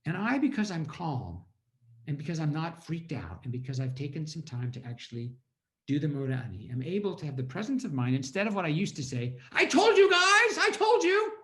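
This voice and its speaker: A man's voice: fairly high pitch, animated, a little fast, darkish tone. A man giving an inspirational storytelling talk over a video call at a community holiday event, acting out his own past thoughts.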